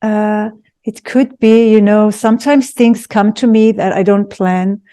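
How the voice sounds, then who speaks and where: Mellow-voiced woman guest. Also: mid-range voice, steady tone, unhurried. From Israel. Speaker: guest artist. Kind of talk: interview answers.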